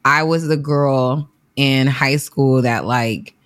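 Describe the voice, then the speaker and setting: A woman with a notably low voice talks as a podcast guest, emphatic and full of slang. The sound is dry and close, with no room around it. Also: slow, no room sound. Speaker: podcast guest, on-air talent. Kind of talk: casual interview talk.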